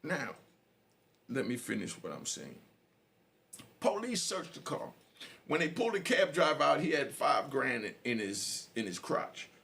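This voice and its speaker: A middle-aged man, a podcast host telling a street story in an animated, slangy way. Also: mid-range voice, unhurried, vocal fry, long pauses. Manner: animated, slangy, frequent "you know".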